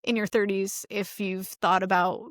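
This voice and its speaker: Speaking at a medium pitch with a level tone and moderate pace, this thirty-something woman co-hosts a podcast in casual chat. She uses plenty of fillers and performs quoted dialogue, captured in a dry, clean studio recording.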